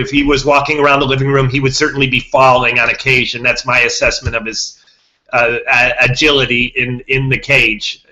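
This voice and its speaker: A podcast host addresses his listeners in a rambling monologue, repeating himself and restarting words. His mid-range voice sounds pushed and bright, and the recording quality is low.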